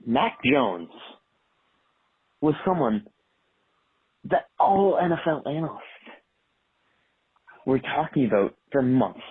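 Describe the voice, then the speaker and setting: A man's voice: mid-range voice, big pitch swings, slow, long pauses, slightly rough. Hyped male caller on a tinny phone line. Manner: hyped, rising emphasis. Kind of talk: phoned-in voicemail.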